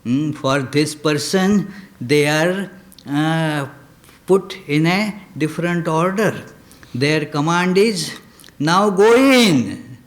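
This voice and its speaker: Slow, halting male spiritual lecturer. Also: fairly high pitch. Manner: slow, halting delivery with frequent "uh" fillers; lapses into chanted Sanskrit verse. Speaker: swami giving a lecture.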